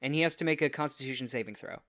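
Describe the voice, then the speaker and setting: A man taking his turn in a tabletop game and talking through spell rules casually. His voice sits at a middling pitch with a bright, forceful edge. He talks in quick, practical asides to the game master. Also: no echo, clean studio sound. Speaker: player.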